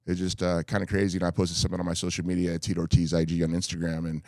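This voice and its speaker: A man in his fifties from California speaks fast in a very low voice, with a dry, close studio sound. He rambles through earnest stories, full of fillers and restarts. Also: completely flat delivery, a little mellow, no room sound. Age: 50s. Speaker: guest. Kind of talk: candid podcast interview. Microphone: studio microphone.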